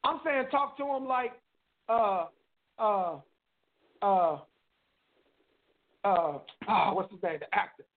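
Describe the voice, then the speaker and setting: Very high-voiced man preaching over a phone line. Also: slow pace, pauses often. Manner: earnest, preachy, repeats his catchphrase. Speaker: caller and guest. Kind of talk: casual call-in radio talk.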